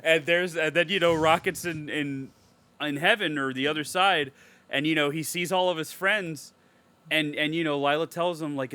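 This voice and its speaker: A man's voice: a little high, moderate pace, smooth. A man co-hosting a podcast, chatting casually and swearing a lot as he tells emotional stories. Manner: animated, profane, emotional storytelling. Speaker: podcast co-host.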